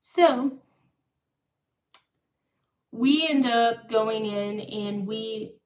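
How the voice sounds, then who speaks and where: Very slow and fairly high-pitched, a woman in her thirties wanders through a story on a live stream, stopping and restarting again and again. Her voice echoes around the room, picked up from far off.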